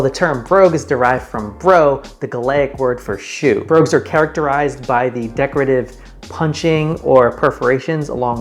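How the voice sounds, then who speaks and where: Upbeat man presenting a style vlog. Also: medium pitch. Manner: upbeat, chatty and informal, shows shoes while explaining. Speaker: men's style vlogger. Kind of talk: casual presenting to camera.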